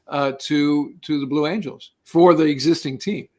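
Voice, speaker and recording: Higher-voiced male interview host. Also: normal speed, hardly any pauses. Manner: conversational, prompting questions with restarts. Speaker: podcast host. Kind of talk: casual interview questions.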